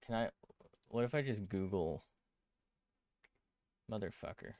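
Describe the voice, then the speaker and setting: A man's voice: on the low side, lively intonation, a little slow, darkish tone, no room sound. A man chatting casually as an art streamer while drawing on a tablet, rambling, cutting himself off mid-sentence and swearing freely.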